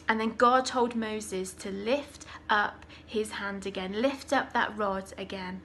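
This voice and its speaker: A woman leading children's church, telling a Bible story in an animated, dramatic way. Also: on the high side, a little slow, few pauses, slight background noise.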